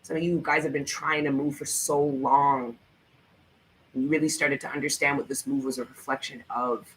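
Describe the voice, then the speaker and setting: A man's voice: medium pitch, little pitch movement, moderate pace, a bit bright, a little hiss or hum, poor audio. A man giving a tarot reading in a vlog, speaking in an emphatic, profane, motivational way and repeating his encouragement with fervour. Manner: repetitive, fervent encouragement. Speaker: tarot reader.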